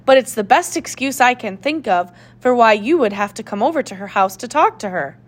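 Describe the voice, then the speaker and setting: A woman voicing a determined young girl sleuth in a storybook, brisk and commanding. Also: a little high, expressive.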